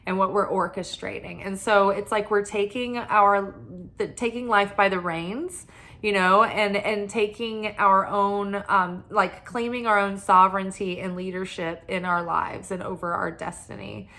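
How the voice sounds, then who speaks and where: A woman's voice: mid-range voice, fairly even intonation, measured pace, sharp tone. A woman giving a spiritual tarot reading, talking in a rambling, earnest way with many fillers. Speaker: tarot reader. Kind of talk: spiritual guidance talk.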